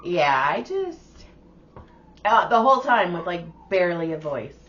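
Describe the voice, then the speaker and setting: A woman's voice: on the low side, very animated, unhurried, a bit bright, a little hiss or hum. A middle-aged woman co-hosting a podcast in casual chat, blunt and profane as she tells stories, recovering from laryngitis. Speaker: podcast co-host. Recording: dull lo-fi sound.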